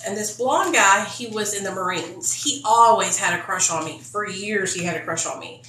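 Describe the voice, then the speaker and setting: A young woman telling a profane, animated storytime vlog full of quoted dialogue. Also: medium pitch, normal speed, echoey room, far from the mic, a little hiss or hum, rough recording. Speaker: vlogger.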